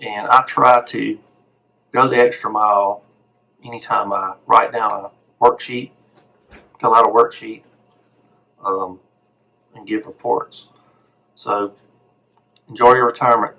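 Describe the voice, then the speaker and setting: A man's voice: fairly low pitch, fairly even intonation, a little slow, creaky, long pauses, sharp tone, rough recording. A man, a radiology tech, telling a personal anecdote in an easygoing way. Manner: easygoing storyteller, retelling an exchange. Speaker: radiology technologist.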